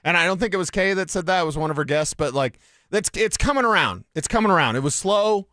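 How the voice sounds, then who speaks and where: A man's voice: high-pitched, animated, quick pace, pushed and bright, dry recording, studio quality. A man from Colorado co-hosting a sports radio show, talking emphatically and joking. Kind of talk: casual sports talk. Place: radio studio.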